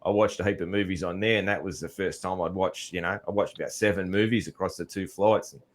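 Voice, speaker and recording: A man's voice: low-pitched, steady tone, fast. A middle-aged man with an Australian accent hosting a podcast, chatting casually in a rambling way with frequent laughs. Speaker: podcast host. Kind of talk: casual interview chat.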